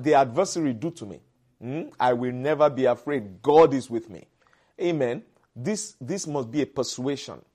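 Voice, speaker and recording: A man's voice: mid-range voice, darkish tone, breathy edge. A man preaching a sermon as pastor, emphatic and repetitive, calling on the congregation to repeat after him. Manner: emphatic, repeats phrases for the congregation, calls for responses.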